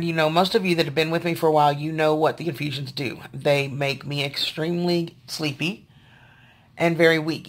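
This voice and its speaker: Tired, frustrated woman venting. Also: sits low. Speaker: vlogger. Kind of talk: casual personal video diary.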